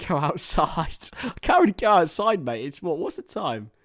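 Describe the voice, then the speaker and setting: A young man hosting a live football watchalong, excitable and joking, swearing, reading out viewer chat, a little tired after hours on stream. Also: on the high side, moderate pace. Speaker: livestream host commentating a football match. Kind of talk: casual live watchalong commentary.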